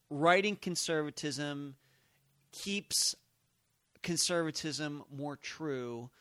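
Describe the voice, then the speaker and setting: A man's voice: on the high side, sharp tone, clean tone, dry recording, studio quality. A man hosting a solo podcast, thinking aloud in emphatic, musing commentary. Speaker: podcast host.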